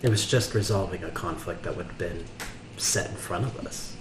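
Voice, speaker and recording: A man's voice: deep voice, moderate pace. A man casually playing a tabletop game, thinking aloud as he speaks. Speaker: player. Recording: roomy room with faint noise.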